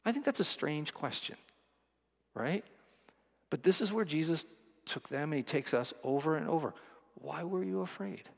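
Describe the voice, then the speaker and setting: A man's voice: on the high side, expressive, normal speed, pauses often. Man preaching a sermon in reverberant hall. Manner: vivid storytelling, acts out quotes. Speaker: pastor.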